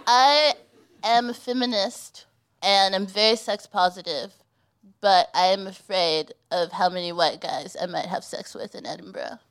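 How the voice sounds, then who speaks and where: A woman's voice: mid-range voice, a little slow, a little hiss or hum. A woman co-hosting a live comedy podcast, giggly and loose, full of "like" and "um". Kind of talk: comedic chat before a live audience.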